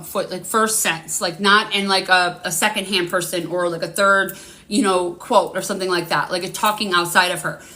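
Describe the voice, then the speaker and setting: A woman's voice: medium pitch, sharp tone. A woman hosting a live spiritual reading, rambling and swearing casually with lots of fillers. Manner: rambling, profane, full of fillers.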